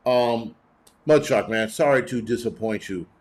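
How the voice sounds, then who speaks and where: A man's voice: mid-range voice, unhurried, darkish tone. A middle-aged man hosting a livestream, reading chat and ranting bluntly with heavy cursing in a cranky, rambling way.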